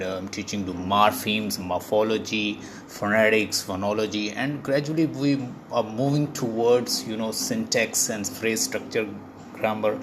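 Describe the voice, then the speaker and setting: A man teaching an online lesson, restating each point in several ways and often pausing on "uh" and "you know". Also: on the low side, background noise. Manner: explains by repeating points, with many fillers like uh and you know. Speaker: English teacher. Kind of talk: online lecture.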